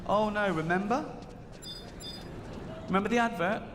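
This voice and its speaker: A man's voice: high voice, moderate pace, long reverb tail, background noise. A man performing a stand-up comedy routine, telling a story and acting out the voices of the people in it.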